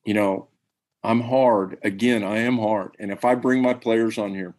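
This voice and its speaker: A man, a high school baseball coach, telling stories earnestly and emphatically in a podcast interview. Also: fairly even intonation, measured pace, a little mellow. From Tennessee.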